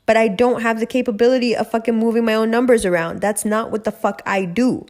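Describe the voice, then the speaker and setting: A woman's voice: on the high side, fairly even intonation, quick pace, darkish tone, natural voice. A woman voicing a resigned talking air conditioner. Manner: blunt, apologetic, profane.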